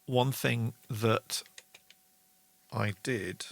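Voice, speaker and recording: A man's voice: mid-range voice, very slow, gravelly, no echo. A middle-aged man hosting a casual online songwriting lesson, chatty and enthusiastic as he explains meter. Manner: chatty and enthusiastic, reads viewer comments aloud, sings rhythm syllables. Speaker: songwriting show host.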